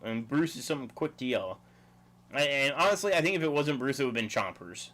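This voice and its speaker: Livestream host, male, easygoing, chuckly, mid-pitched, rambling chat. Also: big pitch swings, brisk, a bit bright.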